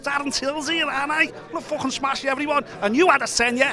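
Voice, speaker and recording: A man's voice: very high-pitched, fairly even intonation, fast talker, crowd noise, pitched above the performer's own voice. A man putting on a to impersonate a cocky, brash young male fighter who swaggers and swears.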